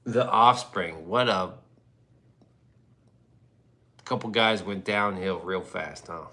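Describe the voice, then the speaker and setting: A man's voice: low voice, measured pace, bright, forceful tone. A man hosting a livestream in rambling casual chat, profane and loose, often laughing. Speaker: livestream host.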